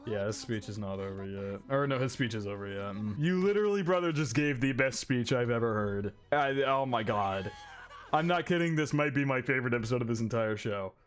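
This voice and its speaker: A man's voice: medium pitch, lively intonation, a little fast. A man hosting an anime reaction video, talking effusively and emotionally, swearing freely. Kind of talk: casual reaction commentary.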